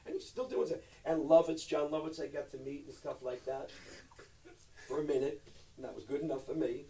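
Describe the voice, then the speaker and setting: A middle-aged man rambles through a joking chat, his voice sitting a little higher than most men's. He jumps from mumbled asides to loud, profane bursts. He sounds a little distant from the mic. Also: brisk, a little hiss or hum. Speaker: actor guest. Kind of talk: joking live-stream chat.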